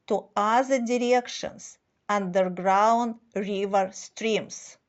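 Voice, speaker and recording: A woman speaks very slowly and deliberately, in a scripted monologue. Her phrasing halts, and her grammar is non-native. The sound is dull and lo-fi. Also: mid-range voice. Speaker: spiritual speaker.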